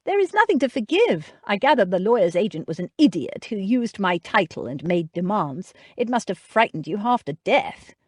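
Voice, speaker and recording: A woman reading the part of a warm, earnest young nobleman who speaks tenderly, in a dry close recording. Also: big pitch swings, normal speed, few pauses, husky, no echo. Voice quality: deep voice.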